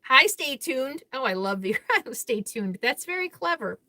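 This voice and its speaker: A woman with a somewhat high, bright voice chats casually on a live stream, answering viewer comments one after another. She is candid and blunt, and she laughs easily between thoughts. The sound is dry and close, with no room echo. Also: sing-song, a little slow. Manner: blunt and outspoken. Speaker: RV vlogger hosting a live Q&A.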